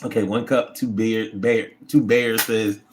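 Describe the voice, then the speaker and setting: A man's voice: lowish voice, level tone, unhurried, a little mellow, a little hiss or hum. A man hosting a casual livestream who reads viewer comments and talks in a blunt, profane, rambling way. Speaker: livestream host reading chat.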